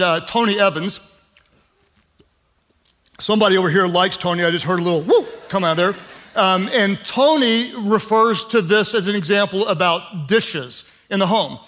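High-voiced preacher, emphatic and conversational. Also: male voice, a bit bright. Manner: emphatic repetition with humorous asides; conversational, with frequent "um" fillers. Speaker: pastor. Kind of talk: sermon.

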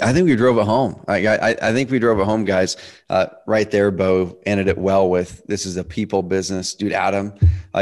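Deep-voiced upbeat male podcast host. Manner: upbeat, stammering restarts, addresses listeners as guys. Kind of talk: casual podcast talk.

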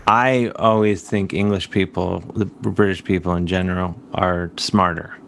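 A man's voice: low voice, fairly even intonation, moderate pace, vocal fry, a bit bright, a little hiss or hum. A man from Cleveland hosting a comedy show, asking playful, teasing questions. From Cleveland, USA. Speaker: host. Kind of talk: casual comedic chat.

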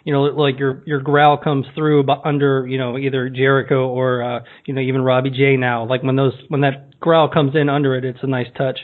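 A man's voice: mid-range voice, level tone, a little fast, hardly any pauses. A man hosting a casual interview, asking laid-back questions with fillers. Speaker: interviewer, podcast host. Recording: tinny phone-like line.

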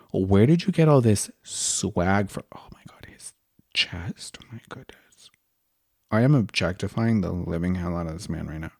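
Young guy gushing on his podcast, voice jumps all over, lowish and dry, close to the mic. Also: no echo. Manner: gushing, expressive, slips into whispers. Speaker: podcast host. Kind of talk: candid casual chat.

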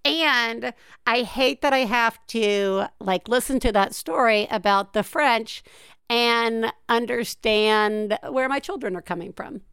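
A woman hosting an interview, a parent herself, chatty, bubbly and quick to laugh. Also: on the high side, a bit bright, clear, resonant tone, dry recording, studio quality. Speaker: interview host. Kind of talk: casual interview chat.

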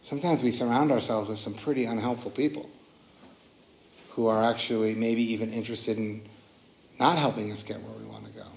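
A man's voice: fairly low pitch, fairly even intonation, brisk, gravelly, slight background noise. A man leading a casual, earnest dharma talk as a meditation teacher, often restarting his sentences. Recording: roomy echoing hall.

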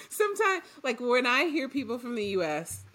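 A woman from Trinidad, chatting casually as a podcast co-host, telling stories and acting out what she once said. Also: sits high. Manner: animated storyteller, acts out her own past lines, quick asides. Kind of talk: casual chat.

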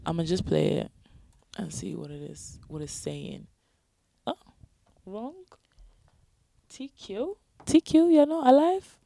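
A woman co-hosting a podcast in casual chat, laid-back and often trailing off into quiet mumbles. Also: medium pitch, sing-song, takes it slowly, vocal fry, long pauses, a little hiss or hum. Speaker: podcast co-host.

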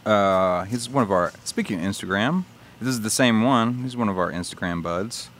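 Low-voiced laid-back podcast co-host. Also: male voice, lively intonation, moderate pace, fairly bright tone. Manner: laid-back, joking, swears casually. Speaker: podcast co-host reading listener mail. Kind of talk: casual chat.

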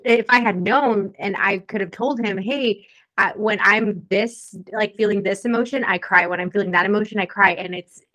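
Woman, young adult, podcast co-host, bright voice, lively casual chat, many fillers. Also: on the low side, poor audio.

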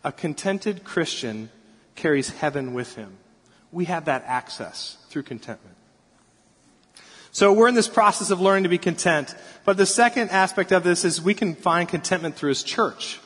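A man in his thirties preaching a sermon as pastor, telling stories about his kids in an animated way. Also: high-pitched, normal speed. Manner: storytelling, animated, acts out crying kids. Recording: long hall reverb.

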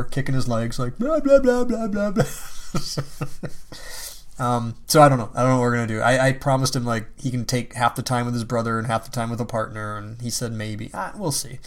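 A man in casual conversation who laughs often and lets swear words slip freely. His voice sits at an everyday pitch. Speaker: parent. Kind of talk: casual chat.

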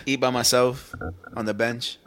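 A man's voice: medium pitch, flat delivery, measured pace, fairly bright tone. A young man, co-hosting a casual podcast chat in laid-back slang, laughing often. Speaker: podcast co-host.

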